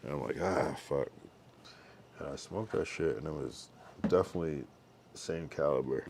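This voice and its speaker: A young man livestreams in a rumbling low, gravelly, darkish voice, talking a little fast with a bit of hiss or hum in the background. Sleepy and yawning now and then, he reads viewer comments in laid-back, drowsy chat full of slang and loose asides.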